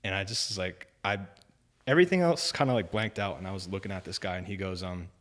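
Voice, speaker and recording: A young man telling a story on a podcast in casual chat, animated, acting out other people's lines. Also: deep voice, fast talker. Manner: animated storyteller, acts out quoted voices, lots of "like" and "man". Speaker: podcast guest.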